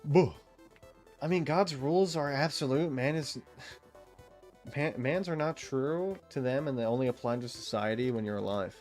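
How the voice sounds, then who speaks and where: A man's voice: mid-range voice, moderate pace, darkish tone, soft background music. A man live-streaming a game, chatting casually with viewers in a rambling, self-interrupting way, laughing often and swearing freely. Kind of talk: casual chat with viewers while gaming.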